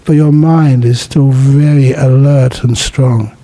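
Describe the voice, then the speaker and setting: Male Buddhist monk, dharma talk, mellow dark tone, humorous storyteller, unhurried teaching. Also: mid-range voice, steady tone. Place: talk at a city meditation centre.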